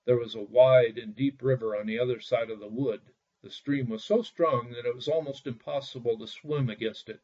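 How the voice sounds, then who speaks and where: A man narrating a bedtime fairy tale in a lively reading, putting on voices for the characters, on a dull lo-fi recording. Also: medium pitch, moderate pace, slightly rough. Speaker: storyteller.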